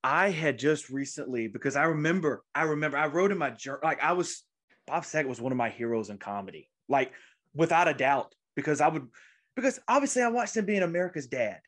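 A man's voice: on the high side, expressive, fairly quick, a bit bright. A man in his twenties, a podcast host, telling a rambling, emotional story in casual chat, with many restarts. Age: 20s.

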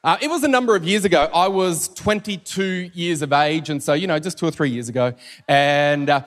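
A man with an Australian accent, preaching a sermon as a pastor in an energetic, joking, conversational way. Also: on the high side, a little fast. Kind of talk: sermon with personal storytelling. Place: church auditorium. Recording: church hall reverb with soft music.

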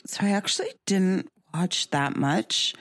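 A woman's voice: on the low side, a little slow, a bit bright, no echo, clean studio sound. A young woman co-hosting a podcast, chatting casually about shows with lots of fillers and restarts. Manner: rambling, many fillers and restarts. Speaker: podcast co-host. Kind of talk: casual chat.

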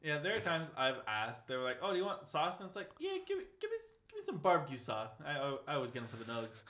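A man's voice: fairly high pitch, huge pitch swings, fast, sharp tone. A young man in casual chat with friends, rambling and swearing, often laughing.

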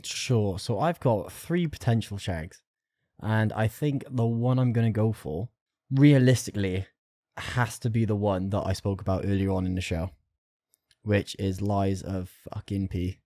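A man co-hosting a gaming podcast in casual chat, excited and casually swearing. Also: on the low side, unhurried, dry recording. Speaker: podcast co-host.

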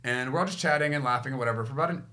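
A man hosting a podcast talks quickly in a bright, forward voice. He tells a story in a casual, animated way and slips into quoted lines of his past self. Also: medium pitch. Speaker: podcast host.

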